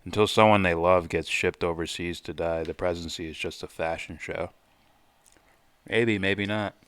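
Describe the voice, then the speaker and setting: A man's voice: deep voice, steady tone, moderate pace, smooth. A man hosting a live stream, casually reacting and reading viewer comments aloud with loose, profane asides. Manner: loose, profane, thinking out loud.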